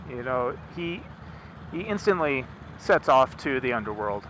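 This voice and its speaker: A man's voice: mid-range voice, very animated, measured pace, a bit bright, low-quality recording. A man casually retelling a myth from inside a car, rambling with chatty asides. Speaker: storyteller. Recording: car engine noise behind.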